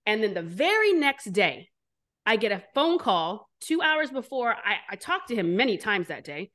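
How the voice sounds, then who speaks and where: Blunt, animated woman telling her story. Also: mid-range voice, normal speed. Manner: blunt, animated, swears freely. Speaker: entrepreneur guest. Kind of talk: candid interview storytelling.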